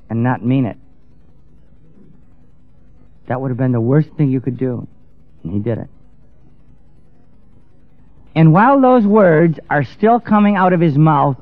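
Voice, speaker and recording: A man with a voice on the high side preaches a dramatic storytelling sermon, acting out the characters. The recording is dull, dry, and lo-fi, with faint music.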